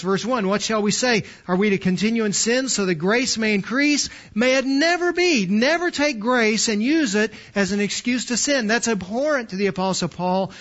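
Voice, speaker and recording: A man's voice: high voice, a bit bright, lo-fi sound. A man preaching an expository sermon as pastor, emphatic, restarting and repeating words, and putting questions to his listeners.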